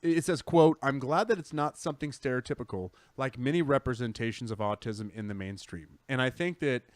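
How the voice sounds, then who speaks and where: Brief: man, mid pitch, dry close sound, rambling podcast co-host. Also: fairly quick, dry recording. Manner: rambling, self-correcting, enthusiastic. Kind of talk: casual chat.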